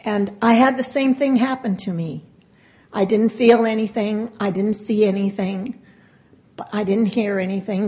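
An older woman telling a personal recovery story, halting and emotional, with pauses and restarts. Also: mid-range voice, dark tone. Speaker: speaker sharing a recovery story. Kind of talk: personal testimony.

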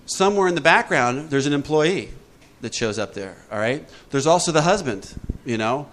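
A man leading a recovery group talk, lively and joking, acting out little voices as he explains. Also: a little high, moderate pace. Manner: lively, jokey, acts out voices. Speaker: recovery workshop speaker.

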